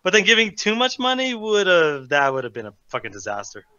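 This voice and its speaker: A man talking very quickly in a high, piercing bright voice. He jokes and swears through a loose chat, and his mic sounds dull and lo-fi. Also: wildly swooping pitch, clear, resonant tone. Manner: fast, swearing, joking. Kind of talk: casual chat.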